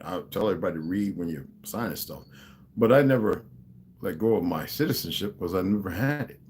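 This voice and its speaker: A man's voice: deep voice, lively intonation, a little fast, a little mellow, slight background noise. A man hosting a livestream, talking in a casual rambling monologue and acting out the people in his stories. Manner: storytelling, acting out quoted dialogue. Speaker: livestream host.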